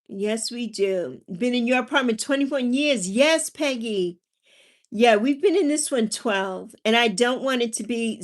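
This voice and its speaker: A woman in her forties hosting a casual livestream, chatting with viewers and telling family stories. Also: on the high side. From Virgin Islands. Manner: chatty, warm with viewers, drifting into personal stories. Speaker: livestream host. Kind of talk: casual livestream chat, reading viewer comments.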